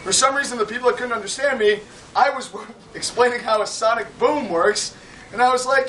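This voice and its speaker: High-voiced man doing stage comedy. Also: moderate pace, pushed and bright. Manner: rambling, joking, crowd-teasing. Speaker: whip-cracking stage performer. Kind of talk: live comedic stage patter. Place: large hall with a live audience. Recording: echoey, distant, crowd noise.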